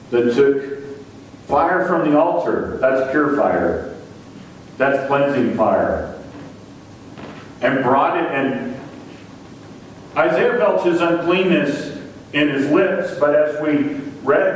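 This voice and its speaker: A male pastor delivers a sermon from a distance in a church sanctuary. His voice echoes strongly through the room, with a faint hum of ambience behind it. He lifts his pitch and stresses the words he repeats. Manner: preaching with rising emphasis on repeated words. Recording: echoey church hall from far off.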